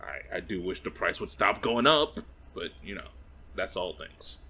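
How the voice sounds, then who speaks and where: A man co-hosting a podcast in casual chat, animated and emphatic, laughing a lot. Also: deep voice, a little slow, husky. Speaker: podcast co-host.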